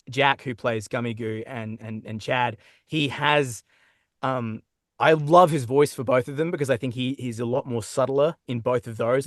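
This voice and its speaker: A man with an Australian accent, chatting as a guest in an interview, talking in quick restarts and laughing easily. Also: medium pitch, no echo, clean studio sound. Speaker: guest voice actor. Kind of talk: casual interview chat. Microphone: own microphone.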